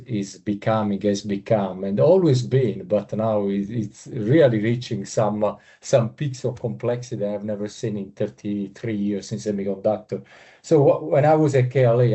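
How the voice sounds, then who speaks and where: Man, Italian accent, middle-aged, mellow warm tone, emphatic, video call. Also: lowish voice. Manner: storytelling, emphatic repeats. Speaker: industry veteran attendee. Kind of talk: webinar remarks.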